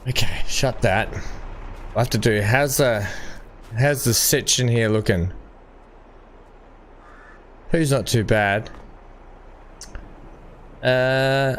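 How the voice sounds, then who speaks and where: Casting: young male streamer, mid pitch, easygoing chat with chat, laughs a lot. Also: slight background noise. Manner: chatty, laughs often while reading chat. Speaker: gaming livestream host. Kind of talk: casual chat with live viewers.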